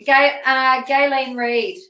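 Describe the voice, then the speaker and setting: A woman co-hosting a live stream from Dubai, reading spiritual cards in a soft, inviting way. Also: high voice, fairly even intonation, slow pace, echoey room, poor audio. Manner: soft, inviting, with fillers and restarts. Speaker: co-host reading cards for viewers.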